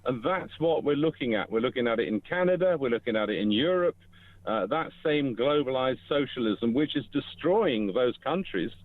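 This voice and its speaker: A man's voice: medium pitch, dry recording. A man calling in to a radio phone-in, talking in rambling runs with false starts. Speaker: radio caller. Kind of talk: phone-in call. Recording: tinny phone line.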